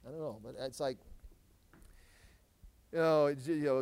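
Middle-aged man for a Bible teaching, high-voiced, dry close mic, loud emphasis dropping to low asides. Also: fairly even intonation, unhurried, smooth, no room sound. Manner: conversational, swings from loud emphasis to low asides, many restarts.

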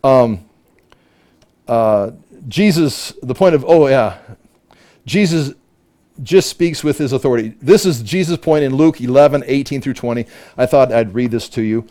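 A man teaching a Bible study, emphatic and animated, often repeating words as he works through a point. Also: mid-range voice, measured pace, pauses often.

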